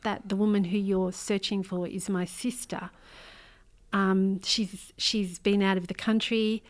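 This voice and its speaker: A woman's voice: medium pitch, little pitch movement, unhurried. Earnest Australian woman telling her story. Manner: earnest, hesitant, with many ums and restarts. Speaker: interview guest, memoir author. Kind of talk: emotional personal storytelling.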